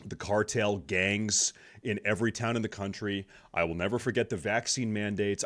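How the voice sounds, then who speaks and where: A young man reacting to a video as a streamer, gloating and swearing, swinging between muttered asides and loud angry outbursts. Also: deep voice. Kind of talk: casual reaction commentary.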